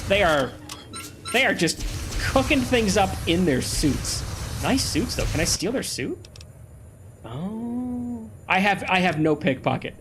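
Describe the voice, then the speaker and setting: A man giving casual, playful commentary while playing a video game, a little under the weather. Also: fairly high pitch. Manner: playful, chatty, excitable. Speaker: let's play host.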